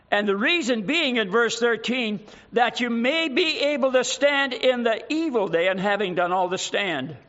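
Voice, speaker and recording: A man in his eighties preaching a sermon, exhorting with emphatic repetition and long pauses. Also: very high-pitched, fairly bright tone, highs cut off. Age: 80s.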